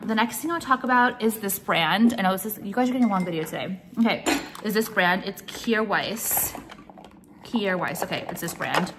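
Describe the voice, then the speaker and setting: A young American woman talks to her viewers in a loose, meandering show-and-tell. She strings her thoughts together with constant "like"s and casual swearing, and her pitch sits in the middle range. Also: fairly bright tone. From United States. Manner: rambling, heavy use of "like", swears casually. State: pregnant. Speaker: vlogger showing purchases.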